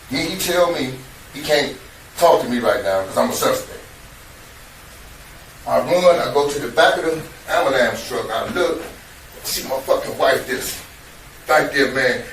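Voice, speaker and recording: Telling detectives what happened, this man swears, talks street, and keeps repeating himself in an emotional, casual account. He's expressive at a moderate pace, with a medium, slightly bright voice and frequent pauses, and the recording is distant and echoey with faint noise.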